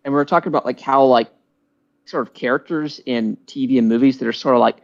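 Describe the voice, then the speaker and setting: A man's voice: mid-range voice, fast, vocal fry, lo-fi sound. A man chatting casually on a podcast, rambling and full of "like" fillers. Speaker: podcast co-host. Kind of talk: casual chat.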